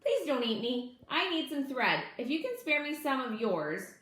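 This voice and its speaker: A woman reading a storybook aloud, voicing an eager little girl ladybug who pleads in a higher voice. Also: sing-song, moderate pace, fairly bright tone. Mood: pleading. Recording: echoey room.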